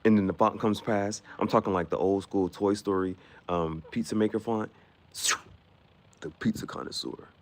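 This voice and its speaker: A man casually chatting with his live-stream viewers, playful and quick to laugh as he riffs on the spot. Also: fairly low pitch, steady tone.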